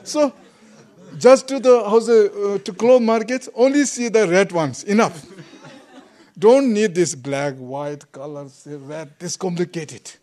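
High-voiced monk in halting English. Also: male voice, dark tone. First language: not English. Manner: broken English, often gropes for words; chuckles through his points. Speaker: Buddhist monk teacher. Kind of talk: dharma talk to a group.

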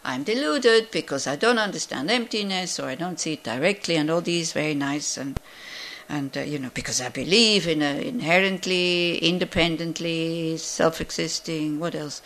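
A woman's voice: sits low, normal speed, fairly bright tone. Woman teaching a Buddhist class. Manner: conversational, rhetorical questions, many fillers.

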